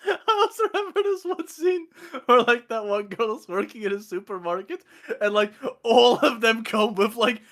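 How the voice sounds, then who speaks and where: A man's voice: very high voice, expressive, a little slow, a bit bright. A young Dutch man hosting a casual stream chat, laughing as he rambles through comedy scenes. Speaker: streamer host.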